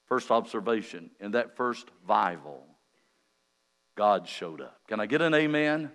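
A visiting male revival preacher gives a folksy, joking sermon, swinging from quiet asides to loud emphatic calls. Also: fairly low pitch, expressive, unhurried. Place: church sanctuary during an evening meeting. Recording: long reverb of a large church hall.

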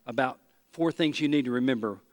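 A man's voice: mid-range voice, a little fast, long reverb tail. A pastor preaching a conversational sermon, speaking in his own voice as he acts out imagined prayers.

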